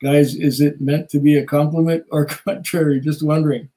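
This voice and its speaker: A man's voice: on the high side, little pitch movement, normal speed, warm tone, low-quality recording. A man hosting a casual live stream, chatting loosely with many fillers and small laughs while reading viewer comments. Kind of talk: casual chat.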